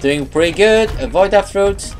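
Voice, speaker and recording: A woman commentating her own game play, excitable and swearing at opponents, with faint game music behind. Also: mid-range voice, normal speed. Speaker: gamer.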